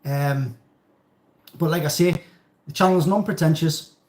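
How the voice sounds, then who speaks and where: A middle-aged man with a Geordie accent, hosting a live stream in a relaxed, rambling, jokey way as he reads out viewers' comments at home. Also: a little high, measured pace. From North East England. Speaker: channel host. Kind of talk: casual live-stream chat reading comments. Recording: roomy echo.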